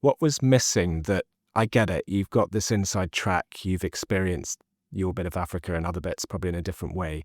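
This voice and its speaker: A man hosting a podcast, asking measured, slightly halting interview questions. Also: low voice, darkish tone, no room sound, clean studio sound. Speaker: podcast host.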